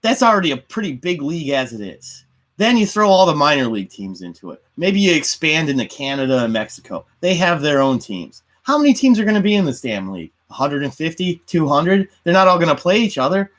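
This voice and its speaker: A man hosting a casual debate show, lively and jokey, often talking over the others. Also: fairly high pitch, a little fast, poor audio. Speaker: host.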